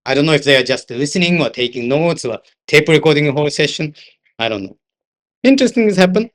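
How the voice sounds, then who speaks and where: An older man with a Japanese accent, working as an interpreter, delivers a seminar lecture built on anecdotes, occasionally dropping into Japanese asides. His voice is a little high and a bit bright, with lively intonation, and he talks fast.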